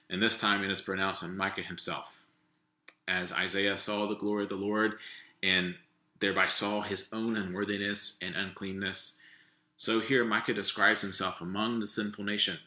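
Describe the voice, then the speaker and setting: A man's voice: sits low, bright, forceful tone, echoey room. A male pastor reading scripture and preaching a sermon, repeating his key points for emphasis. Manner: reads scripture, then preaches with numbered points and repetition.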